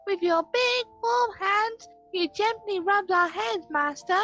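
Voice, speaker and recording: A woman's voice: extremely high pitch, takes it slowly, fairly bright tone, faint music behind, voice pushed up, heavily acted. A woman voicing shy, sweet young catgirl twins in a fan dub of a visual novel, reading with meows between lines. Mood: tender.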